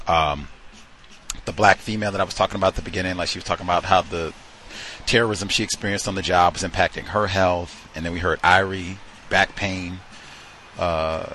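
A man hosting a talk podcast, animated and swinging from loud whoops to soft asides. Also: sits low, a little hiss or hum. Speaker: host.

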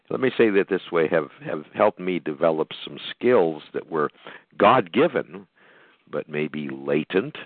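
A man's voice: very deep voice, dry recording. An older American man hosting his podcast, talking in a rambling monologue full of fillers and restarts. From United States. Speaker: podcast host. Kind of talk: reflective monologue. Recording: dry, tinny phone-like line.

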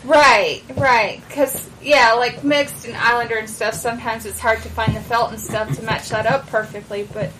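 A woman co-hosting a casual podcast chat, talking in quick, excitable bursts. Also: on the high side. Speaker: podcast co-host. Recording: distant mic with faint room noise.

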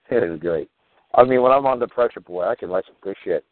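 A man's voice: on the low side, animated, moderate pace, no echo. A man hosting a show, telling rambling stories in a casual, profane way, peppered with "you know" and "man". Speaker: show host. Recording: tinny phone-line sound.

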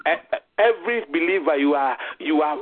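A Ghanaian man preaching a sermon on a community call, exhorting his listeners and repeating phrases with halting restarts. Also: fairly high pitch, animated. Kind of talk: sermon mixing Twi and English. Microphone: phone call. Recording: tinny phone line with faint noise.

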